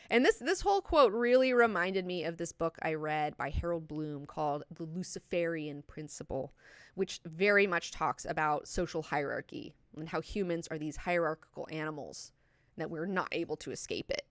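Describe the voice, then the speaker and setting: A woman's voice: low-pitched, animated, normal speed, no room sound, clean studio sound. A young woman hosting a book club, chatting casually and animatedly, swearing freely and acting out characters as she goes. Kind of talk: casual book discussion with read-aloud quotes.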